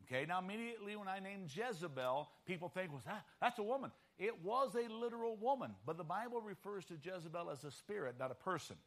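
A man's voice: high-pitched, lively intonation, quick pace, hardly any pauses, a bit bright. A man preaching a sermon emphatically and often checking in with his listeners.

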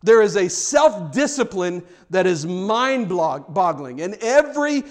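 A man preaching a sermon to his church, talking casually with the congregation and building to fervent emphasis. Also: very high-pitched. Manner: conversational, rising to fervent emphasis; jokes with the congregation. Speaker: pastor.

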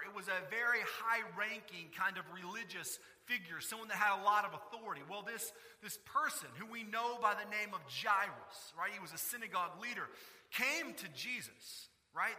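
Male pastor, high and very bright tone, animated sermon delivery, recorded with long hall reverb. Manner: animated storytelling, acting out quotes.

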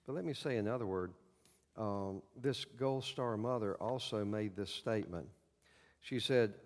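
Man, pastor, sermon, folksy and hesitant, low voice, long church reverb. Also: unhurried, a little mellow. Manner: folksy, hesitant with many fillers. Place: church sanctuary.

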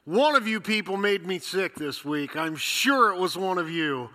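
Bright-voiced pastor in a reverberant church. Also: male voice, sits high, lively intonation, moderate pace. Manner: conversational, storytelling with rhetorical questions. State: recovering from a cold. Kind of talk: sermon.

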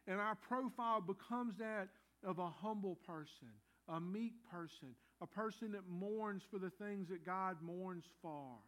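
Man, pastor, sermon, folksy and earnest, higher voice. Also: moderate pace, a bit bright. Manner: folksy, earnest, many "you know" fillers.

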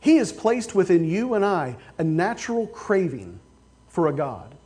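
A male pastor preaching a sermon, with casual stories and sudden loud, emphatic outbursts. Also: high voice, big pitch swings, unhurried.

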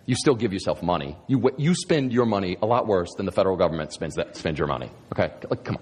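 A man's voice: sits low, animated, fast, darkish tone, slight background noise. A man preaching a sermon as a pastor, emphatic, firing off sarcastic rhetorical questions. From United States. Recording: long reverb of a large hall.

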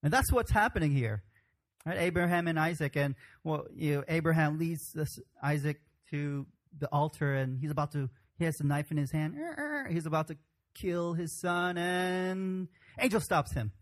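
Pastor, male, slightly higher voice, casual conversational sermon delivery. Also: fairly even intonation, moderate pace. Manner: informal, conversational preaching with frequent restarts.

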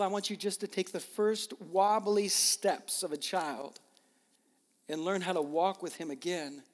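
A middle-aged man with a fairly high voice preaches a sermon. He talks earnestly and with feeling, often repeating his words. His voice rings with the long reverb of a large hall. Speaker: pastor.

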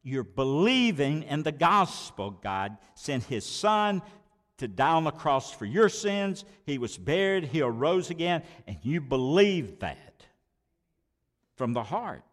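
A man's voice: on the high side, sing-song, takes it slowly. Emphatic preaching man in a reverberant hall. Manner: emphatic preaching with repeated words and sharp swings in volume. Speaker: pastor. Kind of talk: sermon.

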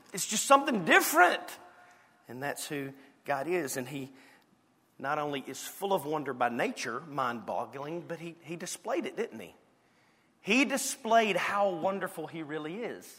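Bright-voiced Southern preacher in a hall. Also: male voice, high-pitched. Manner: lively, playful preaching with sudden drops to quiet. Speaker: pastor. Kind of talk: sermon.

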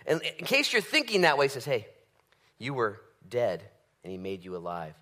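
A man preaching a conversational sermon, swinging from loud bursts to hushed asides. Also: medium pitch, huge pitch swings, normal speed. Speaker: pastor.

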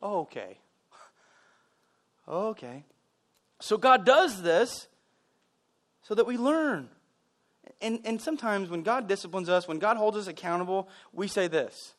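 High-pitched guy preaching, chatty, storytelling with little asides. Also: unhurried, long pauses. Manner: conversational, animated storytelling with asides. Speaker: pastor. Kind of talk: sermon.

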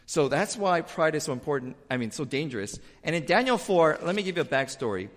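A male pastor preaching a sermon in a church, talking in an animated, emphatic way and sometimes repeating words in a rush. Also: a little high, a little fast, long reverb tail. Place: church sanctuary with pews.

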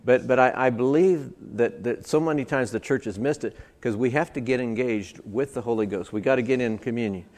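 A man's voice: mid-range voice, fairly quick, hardly any pauses, darkish tone. A man preaching a sermon at a church service, emphatic and building points through stacked, repeated phrases. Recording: long hall reverb.

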